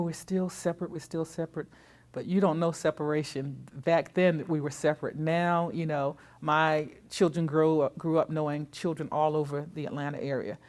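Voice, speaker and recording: A woman's voice: deep voice, darkish tone. An older woman giving an oral history interview, telling her story in a reflective way. She often repeats words and restarts phrases, and she acts out what other people said. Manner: reflective storytelling, quotes others in their own voices. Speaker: interviewee recounting community history.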